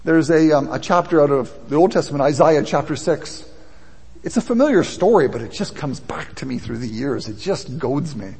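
A man's voice: on the high side, expressive, normal speed, a little mellow, slightly rough. A man preaching a sermon in a conversational way that builds in intensity. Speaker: pastor. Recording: long hall reverb.

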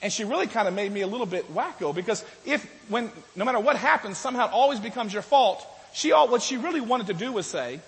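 A man preaches to his congregation in a high, light voice. He talks conversationally, restarts his sentences and swings from loud to soft. The sound carries a long reverb from the hall. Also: lively intonation, fast, few pauses. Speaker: pastor. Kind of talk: sermon.

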